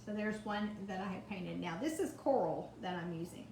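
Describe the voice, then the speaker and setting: A woman's voice: medium pitch, expressive, moderate pace, gravelly, a little mellow, a little hiss or hum. A woman chatting through a live craft demonstration, greeting viewers by name from her home kitchen. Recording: echoey kitchen, faint ambience.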